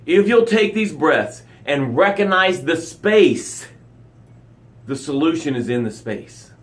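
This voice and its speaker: Man, motivational coach, dramatic swings from loud to hushed, punchy direct phrases, fairly high voice. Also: expressive, slow. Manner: addresses listeners directly in short punchy phrases. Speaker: motivational coach and show host. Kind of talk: motivational live broadcast talk.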